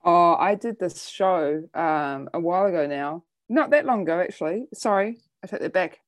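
Deep voiced woman comic rambling thru a story, dry close sound, chatty. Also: animated, normal speed, no room sound. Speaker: comedian and bingo host. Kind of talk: casual chat.

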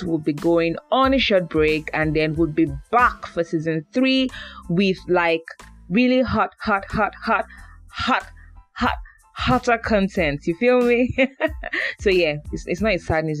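A podcast host with a Nigerian accent talking to listeners in a chatty, playful monologue, often repeating words for emphasis. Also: mid-range voice. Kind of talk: casual monologue.

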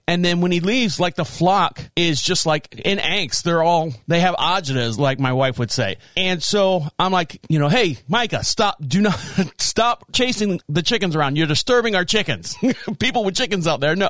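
A man with a slightly high voice tells a long, rambling story on his podcast, joking and laughing as he goes. The sound is dry and close, with no room echo. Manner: rambling, jokey, laughs often. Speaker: podcast host. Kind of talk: casual storytelling monologue.

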